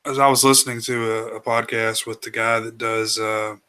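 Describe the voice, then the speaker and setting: A man co-hosting a film podcast, chatting casually in a hesitant, halting way. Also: medium pitch, flat delivery, sharp tone, smooth. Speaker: podcast co-host.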